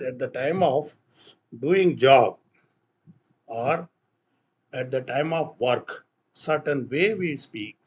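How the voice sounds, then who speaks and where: Husky-voiced teacher, mid pitch, walks learners through phrases with pauses. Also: male voice. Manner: halting, explains with many restarts and fillers. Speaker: English teacher. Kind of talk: spoken English lesson.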